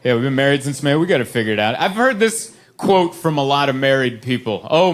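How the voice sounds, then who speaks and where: A young adult man doing a stand-up comedy set, telling stories and acting out quoted people in a high, squealy voice. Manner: animated storytelling, acts out high squealy quotes. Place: comedy club stage with audience. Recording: live club recording with audience laughter and background noise.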